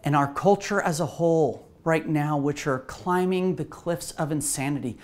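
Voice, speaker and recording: A woman pastor preaching a sermon in an animated way, asking the listeners rhetorical questions. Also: sits low, moderate pace.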